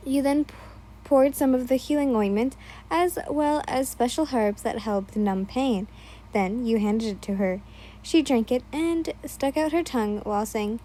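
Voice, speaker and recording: A woman reading a second-person fan story aloud, tripping over names and breaking off for quick asides. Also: on the high side, mellow, poor audio. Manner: stumbles over names, laughs and adds asides. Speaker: fan fiction reader.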